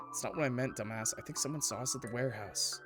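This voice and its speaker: A man's voice: mid-range voice, fast talker, music in the background, lightly acted. A man playing a timid, stammering young man. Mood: nervous. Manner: hesitant, stammering, quiet. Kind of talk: game voice acting.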